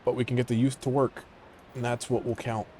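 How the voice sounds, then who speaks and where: A man giving casual commentary on a strategy game, mumbling to himself and trailing off into quiet asides. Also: mid-range voice, little pitch movement, a little fast, a little hiss or hum. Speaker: gaming channel host.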